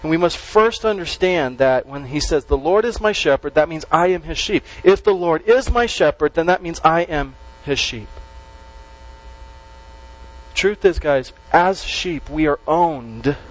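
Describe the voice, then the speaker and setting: A man preaching a sermon to a congregation, stressing key words slowly and letting his voice drop at the ends of phrases. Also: on the high side, expressive, poor audio. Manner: emphatic, with slow stressed words and dropped endings. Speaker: pastor.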